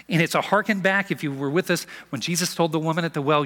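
A man preaching a sermon as a pastor, in an animated, conversational storytelling manner, in a church sanctuary. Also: on the high side, quick pace, hardly any pauses. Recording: long reverb of a large hall.

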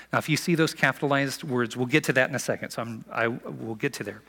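Guy pastor preaching, lively and chatty, big echoey hall sound. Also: mid-range voice, fast, gravelly, few pauses, breathy edge. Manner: animated, acts out quotes in a conversational voice. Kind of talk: sermon.

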